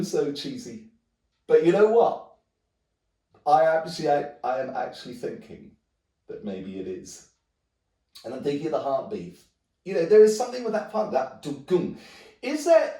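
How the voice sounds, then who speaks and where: A man's voice: mid-range voice, warm tone. A man, a hand drum teacher thinking aloud in a rambling way with many restarts. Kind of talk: musing talk to camera. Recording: roomy echo, mic at a distance.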